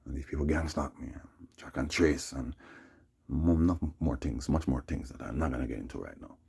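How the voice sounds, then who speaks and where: A man's voice: rumbling low, a little fast, creaky, darkish tone, breathy edge. A man telling a long personal story in a meandering, casual way, often adding "you know what I'm saying" and "man". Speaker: vlogger.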